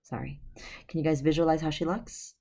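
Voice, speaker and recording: A woman with a low, dark-toned voice reads a storybook aloud from her bed at home. She keeps it casual and breaks off for chatty asides to her listeners. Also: steady tone, a little fast, gravelly. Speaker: storybook reader. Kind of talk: reading a novel aloud to viewers.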